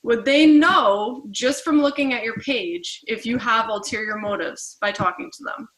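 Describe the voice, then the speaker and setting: A woman leads a casual training session with a bright, clear voice pitched a little high. She talks in a chatty, lively way and keeps slipping into quick acted-out exchanges. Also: poor audio. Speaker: team trainer.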